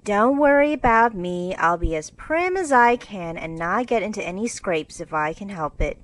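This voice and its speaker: A woman's voice: medium pitch, animated, moderate pace, natural voice, low-quality recording. A woman voicing a careless, tomboyish teenage girl in a storybook reading, speaking bluntly and forthright.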